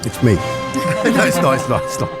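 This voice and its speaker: A man's voice: medium pitch, moderate pace, over loud music. A man hosting a radio show, chatting casually and telling stories with lots of laughter. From England. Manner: animated, laughing, does voices in anecdotes. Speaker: radio host. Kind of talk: casual radio banter and storytelling. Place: radio studio.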